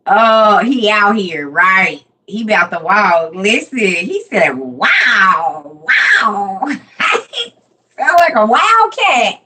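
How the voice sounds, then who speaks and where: A woman's voice: mid-range voice, poor audio. A middle-aged woman, hosting a casual livestream from home, telling stories with lots of laughter before a Bible message. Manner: animated storyteller, laughs often. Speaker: livestream host and Bible teacher.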